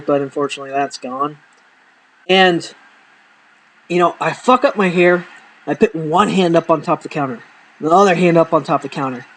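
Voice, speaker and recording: Guy with a high voice telling swearing stories to the cam, faint hum behind. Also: low-quality recording. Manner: profane, animated, acts out quoted people. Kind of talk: casual storytelling to camera.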